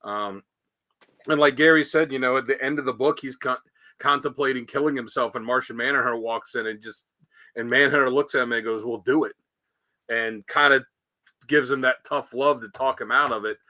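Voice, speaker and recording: A man hosting a casual podcast about comic books, telling the stories in a rambling, animated way with lots of fillers. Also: medium pitch, fairly quick. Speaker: podcast host. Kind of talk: casual comic book discussion.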